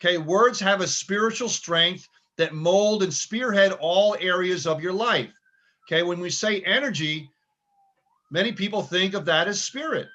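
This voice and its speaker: A middle-aged man with a slightly high-pitched voice gives a motivational talk. He speaks in a loose, conversational way, often checking in with "okay" and "right". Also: moderate pace, bright, forceful tone.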